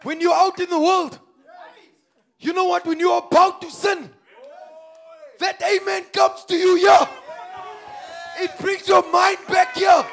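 A man with a strikingly high voice preaches in a church, his delivery swinging between hushed asides and fervent shouts. He presses the congregation with repeated questions. A faint murmur of worshippers sits behind him. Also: level tone, a little slow, creaky, pauses often, some chatter behind. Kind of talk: sermon.

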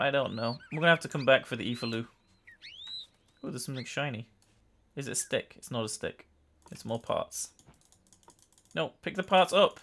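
A young man casually commenting on his own gameplay, chatty and excitable, often breaking into yells and laughter. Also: on the high side, moderate pace, pauses often, soft background music. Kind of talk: casual let's-play commentary.

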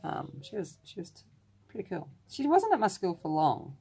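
A woman's voice: mid-range voice, wildly swooping pitch, normal speed, warm tone, slight background noise. An Australian woman hosting her own colouring channel, chatting casually as she works, wandering into rambling, self-deprecating asides, from a room at home. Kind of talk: casual tutorial chat while colouring. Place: room at home with the door closed.

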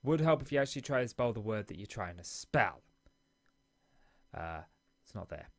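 Chatty man with a low voice. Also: very animated, moderate pace. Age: adult, father of a school-age daughter. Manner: rambling, chatty, self-mocking asides. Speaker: let's play host. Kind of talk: casual gameplay commentary. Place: small home office.

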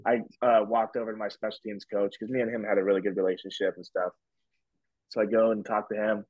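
Fast-talking and flat in delivery, this man has a voice on the low side. He's in his twenties and guesting on a podcast, telling a loose story stuffed with "like" and "whatever." The recording is dry, dull and lo-fi.

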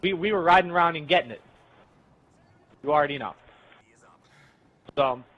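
A man's voice: a little high, normal speed, fairly bright tone, poor audio. A young man casually telling a rambling, profane story while playing a game with friends. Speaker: channel host.

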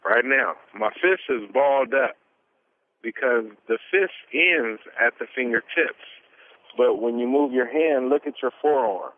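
A man giving an earnest, animated testimony as an interview guest, telling his story at length. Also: mid-range voice, a little slow. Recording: tinny phone line.

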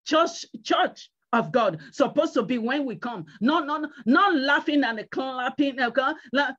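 A high-pitched woman evangelist preaches a sermon, driving her points home through repetition and pleading exhortation. The recording sounds dull and lo-fi. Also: animated, measured pace, a bit bright.

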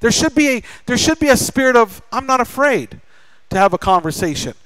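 A man's voice: very high voice, very animated, a little fast, fairly bright tone, clear, resonant tone, dry recording, poor audio. A middle-aged man preaching a sermon as pastor, telling a family story with acted-out dialogue and joking with the congregation. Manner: jokey, chatty with the congregation. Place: church sanctuary.

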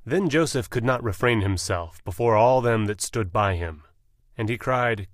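A man narrating a scripture audiobook in a slow, measured, solemn reading style, close on the mic. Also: lowish voice, animated, no room sound.

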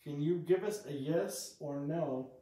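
Ghost-hunting vlogger, a man softly coaxing spirits to respond, slightly high voice, echoey old room with distant mic. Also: measured pace. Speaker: paranormal investigator. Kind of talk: ghost-hunting vlog chatter. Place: rooms of an old building under renovation.

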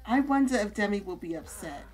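A young woman hosting a let's-play video, chatting casually in slang and talking to her game characters. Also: medium pitch. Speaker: gaming channel host.

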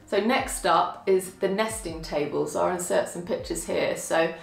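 A woman chatting casually to camera about things she found for her home, self-deprecating and quick to laugh. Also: fairly low pitch, vocal fry, roomy sound. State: out of breath from lifting. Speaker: vlogger showing a home haul. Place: at home, indoors.

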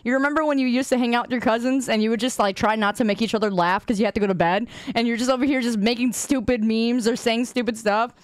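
A woman's voice: a little high, steady tone, fast, hardly any pauses, no echo. A woman streamer chatting casually with her viewers, teasing and laughing often.

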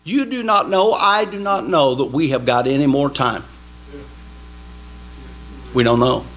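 Slow, emphatic preacher man. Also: medium pitch, rough recording. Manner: emphatic, swings between loud exhortation and quiet asides; folksy, jokes with the congregation. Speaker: pastor. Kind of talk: sermon. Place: small church sanctuary.

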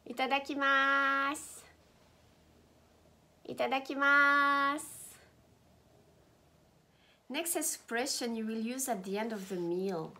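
A woman with a French accent, teaching travel phrases and repeating each one slowly and clearly, talking straight to her viewers. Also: on the high side, lively intonation. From France. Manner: slow, careful pronunciation drills, repeating phrases; friendly, direct to the viewer. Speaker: language teacher.

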